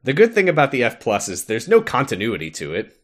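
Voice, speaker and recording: Man, podcast co-host, casual chat, laughs often, very animated pitch. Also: brisk. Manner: chatty, laughs often, fillers and restarts.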